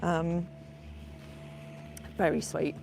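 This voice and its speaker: Woman, low voice, friendly live-stream host riding outdoors, traffic noise behind her. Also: level tone, extremely slow, gravelly. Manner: chatty, greets viewers by name. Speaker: horse sanctuary host. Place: outdoors on horseback at a farm. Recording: outdoor noise with passing vehicles.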